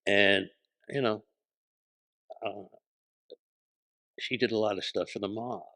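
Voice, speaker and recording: A man with a gravelly, low-set voice that still sounds bright and forward. He tells relaxed stories in casual conversation as a guest, recorded dry and close. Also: slow pace, no echo. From New Jersey. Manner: laid-back anecdotes with animated quoted voices. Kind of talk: casual storytelling chat.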